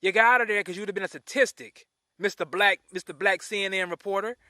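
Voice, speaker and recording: Indignant high-voiced man ranting. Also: fast talker, bright, forceful tone, no echo, studio quality. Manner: indignant, repeats and restarts phrases. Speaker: vlogger. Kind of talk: opinion rant to camera.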